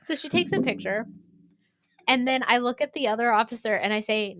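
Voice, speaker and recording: A woman co-hosting a podcast, telling a story in an animated, casual way and swearing freely. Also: on the high side, brisk. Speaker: pottery studio co-owner and podcast host.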